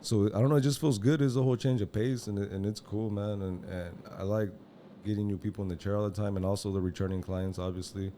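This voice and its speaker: A quiet, soft-spoken man, a barber chatting hesitantly as a guest in a podcast studio. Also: fairly low pitch, steady tone, fast talker, a little hiss or hum. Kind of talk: casual interview chat.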